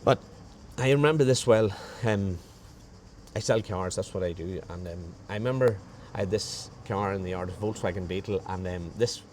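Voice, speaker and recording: Lowish-voiced man telling a story. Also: moderate pace, a little mellow, slight background noise. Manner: rambling, with frequent restarts and reported dialogue. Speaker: guest sharing a faith testimony. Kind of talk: conversational storytelling.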